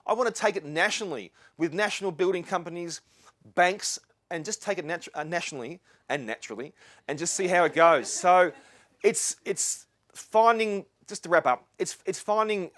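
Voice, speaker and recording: A middle-aged Australian man speaks to a live audience in an earnest, rambling way, often restarting and wandering into asides. His voice sits a little high for a man, and the sound is dry and close. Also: moderate pace, fairly bright tone, dry recording. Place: lecture venue with live audience.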